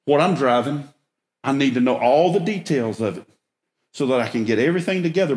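A man preaching through a folksy, self-mocking story, with emphatic bursts. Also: mid-range voice. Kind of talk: storytelling sermon. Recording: echoey room.

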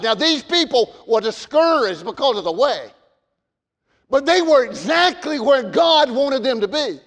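A man preaching a sermon, stammering on repeated words and swinging between loud emphasis and quiet asides. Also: very high-pitched, animated, unhurried, long reverb tail.

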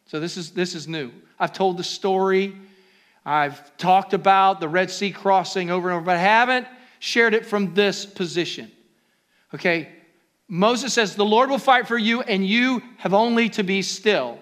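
Pastor guy preaching, high bright voice, goes quiet then loud and climbing. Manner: preaching with sudden loud rises and quiet asides. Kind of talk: sermon.

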